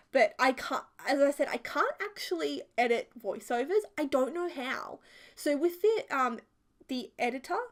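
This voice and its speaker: A woman, chatting casually and rambling through a voiceover for her building video, full of filler words. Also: high voice. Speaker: video creator.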